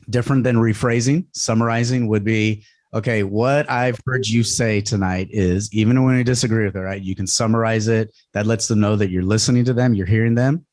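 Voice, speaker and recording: A man leads a community workshop in an easy conversational manner, his speech full of fillers and tag questions. His voice sits low and the recording is dry and close. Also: darkish tone, no room sound. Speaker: presenter.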